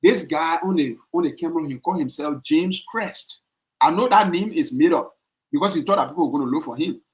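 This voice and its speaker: A man with a Liberian English accent hosting a podcast and arguing his point, repeating himself and jumping up high when worked up. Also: fairly quick, low-quality recording. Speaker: podcast host. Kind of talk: heated podcast debate.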